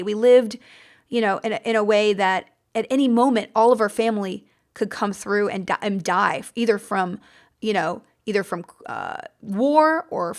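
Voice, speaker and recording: An American woman hosting a podcast, talking casually and enthusiastically, rambling a little with fillers and restarts as she goes. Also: a little high. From United States. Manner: chatty and enthusiastic, rambling with fillers and self-corrections. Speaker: podcast host. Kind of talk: casual book-recommendation chat.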